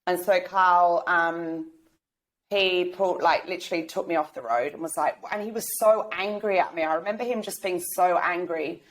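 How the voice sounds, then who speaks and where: A woman speaks openly as a podcast guest. Her voice sits a little low, and she talks in a loose, rambling way, full of restarts and fillers. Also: moderate pace. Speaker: guest sharing lived experience. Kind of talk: candid podcast interview.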